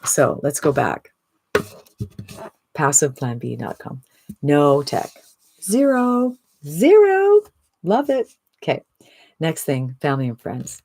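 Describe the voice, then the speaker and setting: A speaker in their sixties giving an upbeat, chatty sales pitch to camera, often tossing in a rhetorical "right?". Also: flat delivery, a little slow, vocal fry, a little mellow, no echo. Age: 60s. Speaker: online business promoter.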